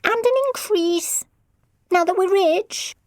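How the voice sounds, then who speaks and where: A woman's voice: extremely high pitch, slow, darkish tone, no room sound, clean studio sound, voice pushed up. A woman voicing a whiny, spoiled fifteen-year-old girl who speaks scathingly. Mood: whiny petulant. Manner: whining, scathing.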